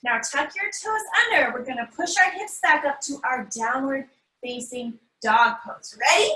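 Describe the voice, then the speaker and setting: A high-pitched, bright-voiced woman guides a family yoga class with playful, encouraging cues. She sounds a little distant from the mic in an echoey studio room. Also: lively intonation, moderate pace. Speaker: yoga instructor.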